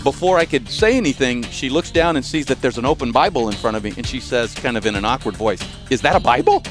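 A middle-aged man, a pastor and author, telling an anecdote as a radio guest with lively delivery. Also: mid-range voice, fast, over music. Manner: animated, acts out voices in anecdotes. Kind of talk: storytelling in a radio interview.

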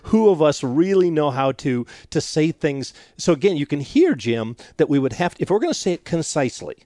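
Brief: male counselor guest, slightly higher voice, dry studio sound, animated storytelling with quoted voices. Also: a little fast, no echo. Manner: animated, acts out quoted couples. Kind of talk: radio interview conversation.

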